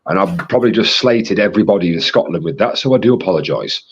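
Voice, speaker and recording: A man with a husky, fairly low voice reads out chat comments in a rambling, casual way as co-host of a live stream. The sound is dull and lo-fi. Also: lively intonation, fast.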